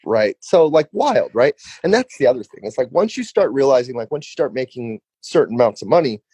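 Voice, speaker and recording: A man's voice: mid-range voice, big pitch swings, fairly quick, warm tone, breathy edge, no room sound. A man hosting a podcast in a casual, reflective way, filling his talk with "like" and "dude". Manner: laid-back, says "like" constantly, reflective. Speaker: podcast host.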